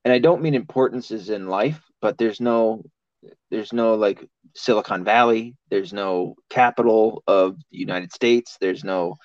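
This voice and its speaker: A man's voice: lowish voice, measured pace, no echo. A man in casual podcast chat, talking in a rambling, profane way and laughing often. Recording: dull lo-fi sound.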